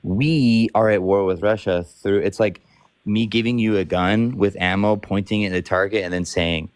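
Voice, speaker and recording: A man's voice: lowish voice, fairly even intonation, moderate pace, no echo, clean studio sound. A man arguing his side in a live-stream debate, insistent and defensive when interrupted.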